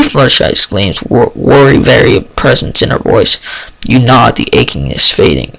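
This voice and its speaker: A man's voice: medium pitch, lively intonation, moderate pace, vocal fry, fairly bright tone, rough recording. A man reading fan fiction aloud, stumbling and restarting over words. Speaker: story reader.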